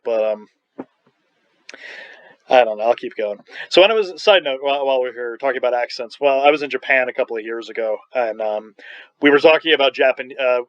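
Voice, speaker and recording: A man's voice: mid-range voice, a little fast, no echo. A man from Long Island teaching a recorded online math lecture, enthusiastic and joking, wandering into rambling asides, with a slightly scratchy throat. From Long Island, New York. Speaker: math professor. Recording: dull, dry lo-fi recording.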